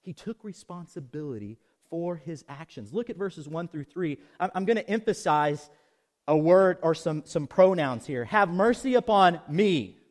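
A man preaching a sermon, swinging from loud emphatic peaks to soft low asides and leading the congregation in call-and-response. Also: lively intonation, moderate pace. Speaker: pastor. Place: outdoors.

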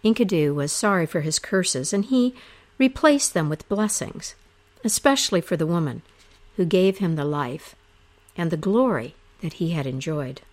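A woman narrating an ancient myth aloud in a slow, expressive storytelling manner. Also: lowish voice.

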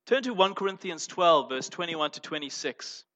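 A man preaching a sermon as pastor, emphatic, moving between loud stressed phrases and quiet asides. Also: a little high, animated, normal speed. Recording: dull lo-fi sound.

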